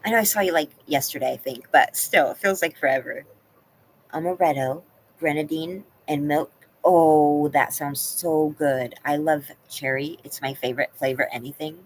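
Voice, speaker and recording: Low-voiced woman chatting on a live stream. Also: moderate pace, slight background noise, rough recording. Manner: chatty, greets and answers viewers by name. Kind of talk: casual chat with live viewers. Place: at home. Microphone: laptop.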